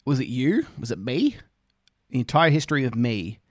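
A man's voice: mid-range voice, very animated, moderate pace, dry recording, studio quality. An Australian man hosting a casual music reaction, rambling, swearing freely and joking at his own expense. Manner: rambling, swears freely, self-deprecating jokes.

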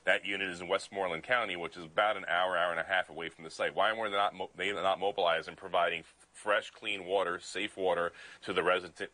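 A man's voice: low-pitched, pushed and bright, poor audio. A man from Pennsylvania, a state legislator in a remote news interview, talking in a fired-up, indignant way with many restarts.

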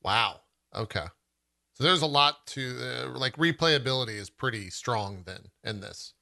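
A man's voice: mid-range voice, lively intonation, a little slow, creaky, bright, forceful tone. A man in casual gaming chat, asking questions and reacting with short remarks. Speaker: game discussion co-host.

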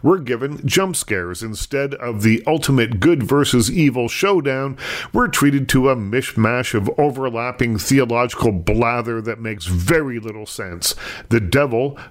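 A man's voice: mid-range voice, expressive, a little slow. A man, the show's film critic, delivering a scripted review with dry wit.

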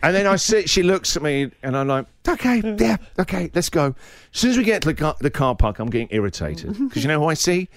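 A man in his forties tells a self-mocking story on the radio with a lively, swooping delivery that climbs into comic voices and groans. His voice sits a little high for a man. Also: fast, few pauses, dry recording, clean studio sound. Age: 40s. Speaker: radio show host.

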